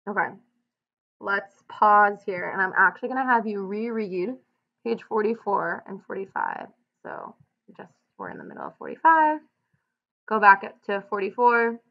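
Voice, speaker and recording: A woman teacher reading a novel aloud and pausing to give clear instructions, on a dull lo-fi recording. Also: mid-range voice, sing-song. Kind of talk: audiobook read-aloud with lesson notes.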